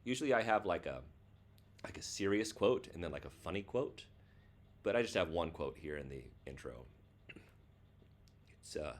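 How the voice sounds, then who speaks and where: Low-voiced man reading his own book. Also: normal speed. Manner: loose and casual, lots of "like" and "you know". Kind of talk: casual chat then reading aloud.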